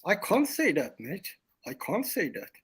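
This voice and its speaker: A man's voice: sits high, huge pitch swings, unhurried, a bit bright, full character voice. A man putting on a mock Australian accent, playing a put-upon son who tacks "mate" onto his lines. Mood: pleading. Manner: ends lines with "mate", pleading.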